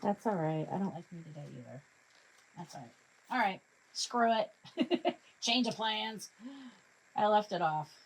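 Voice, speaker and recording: A woman's voice: on the low side, animated, normal speed, long pauses, husky, poor audio. A woman hosting a live craft tutorial, chatting her way through each step and joking with her materials. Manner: jokey self-talk to her materials.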